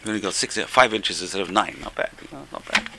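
A man's voice: fairly low pitch, lively intonation, fast, vocal fry, bright, forceful tone, a little hiss or hum. A man who seems to be a rabbi, giving an informal religious talk full of stories. He is chatty, repeats his phrases and chuckles between points.

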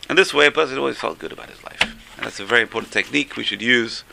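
A man's voice: mid-range voice, rapid-fire, creaky, background noise. A man who seems to be a rabbi, giving an informal religious talk full of stories. He is chatty, repeats his phrases and chuckles between points.

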